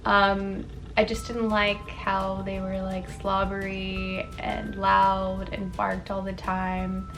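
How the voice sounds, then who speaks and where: A young woman vlogger chatting casually about herself, full of fillers like "like" and "um" and quick self-corrections. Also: medium pitch, monotone, fairly bright tone, soft background music. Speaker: wellness vlogger. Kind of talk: casual chatty facts video.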